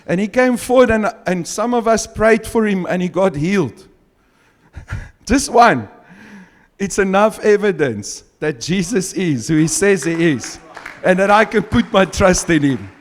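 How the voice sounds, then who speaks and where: Male preacher, Afrikaans first language, emphatic, chuckles between points, high voice, echoing hall. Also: animated. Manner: slow, emphatic scripture reading with frequent chuckles. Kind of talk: sermon. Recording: long hall reverb.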